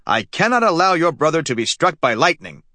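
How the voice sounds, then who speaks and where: A man's voice: on the high side, sing-song, a little fast, bright, forceful tone, no room sound, pitched above the performer's own voice. A man voicing a pompous middle-aged father who intones grandly. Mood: grandiose.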